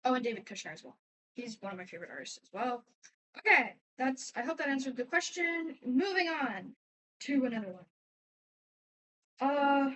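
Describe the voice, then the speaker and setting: A teenage girl answers fan questions in casual chat, rambling and often trailing off before starting over. Her voice is a little high with a fairly bright tone, picked up on a distant mic in a rough recording.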